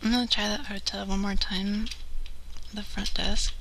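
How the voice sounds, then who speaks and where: Creaky-voiced woman telling a story. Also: medium pitch, flat delivery, normal speed, noisy background. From California. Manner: chatty, acts out quoted people, many "like" fillers. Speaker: live stream host. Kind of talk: casual storytelling chat.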